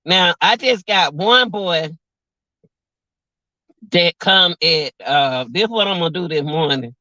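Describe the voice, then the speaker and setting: A woman's voice: on the low side, takes it slowly, sharp tone, no room sound, highs cut off. A woman of about forty chatting on her vlog, laughing often and joking, outdoors by a car on a cold windy day. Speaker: vlog host. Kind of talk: casual livestream chat.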